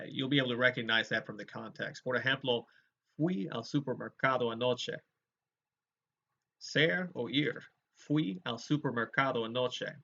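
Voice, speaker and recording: A man teaching a Spanish grammar lesson, explaining verb forms clearly and modeling each conjugation aloud for students to repeat. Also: medium pitch, pushed and bright. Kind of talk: recorded lecture with choral drills. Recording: dull lo-fi lecture recording.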